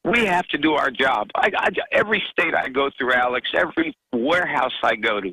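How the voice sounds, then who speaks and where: A man's voice: mid-range voice, lively intonation, sharp tone, husky, no room sound, poor audio. A man calling in to a talk radio show, a truck driver speaking earnestly and with passion, stumbling over his words. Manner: earnest, impassioned, halting.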